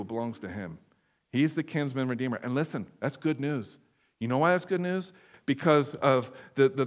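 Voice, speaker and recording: A man preaching a sermon, animated, swinging from loud emphatic bursts to hushed low passages, with many restarts. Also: highs cut off. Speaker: pastor. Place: church room.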